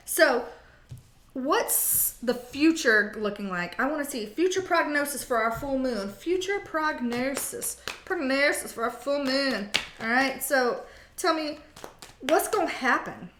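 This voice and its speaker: A woman's voice: high-pitched, lively intonation, slow, fairly bright tone, reverberant. Sassy, blunt woman reading tarot. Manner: blunt, sassy and playfully profane. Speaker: tarot reader.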